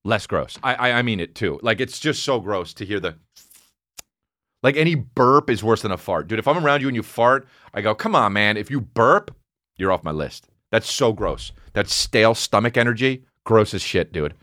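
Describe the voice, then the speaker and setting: A man in his thirties, a comedian telling a rambling, profane story in casual chat, mumbling low one moment and shouting the next. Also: normal speed, no room sound, studio quality. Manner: profane, animated, swings between mumbling and shouting.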